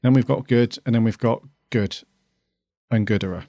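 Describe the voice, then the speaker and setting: A man's voice: mid-range voice, moderate pace, warm tone, dry recording, clean studio sound. A man hosting a podcast, upbeat and jokey as he runs the show. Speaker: podcast host. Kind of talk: casual chat.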